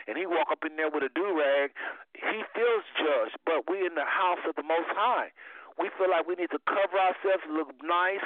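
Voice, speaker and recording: Fifties guy hosting call-in radio, preachy and emphatic, thin phone-line sound, totally dry. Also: no room sound. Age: 50s. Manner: emphatic, preacherly, swings between low and high. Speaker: radio talk show host.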